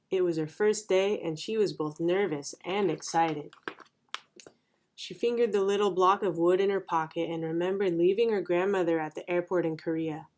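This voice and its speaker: A storytime host reading a children's picture book aloud. The narration is clear and gentle, in a mid-pitched voice. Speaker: storytime reader.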